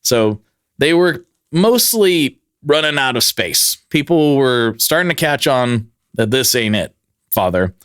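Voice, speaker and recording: A man's voice: medium pitch, sing-song, slow pace, a bit bright, clear, resonant tone, no room sound, clean studio sound. A man co-hosting a podcast, telling a story in casual chat and acting out quotes in jokey voices. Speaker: podcast co-host.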